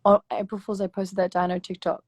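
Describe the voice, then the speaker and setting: A woman's voice: mid-range voice, flat delivery, brisk, a little mellow, a little hiss or hum. A woman, chatting casually on a phone live stream, swearing and laughing often, her voice a little worn. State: losing her voice. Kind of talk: casual chat.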